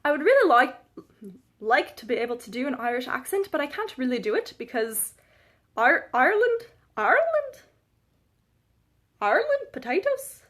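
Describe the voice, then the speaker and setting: Bright-voiced Canadian woman chatting on a live stream. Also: sits high, very animated, brisk. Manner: chatty and self-deprecating, lots of fillers. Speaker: vlogger. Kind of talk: casual live-stream chat.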